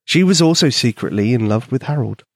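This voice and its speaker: Expressive male storybook narrator. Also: mid-range voice, a little fast, dry recording, studio quality. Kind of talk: children's bedtime story narration.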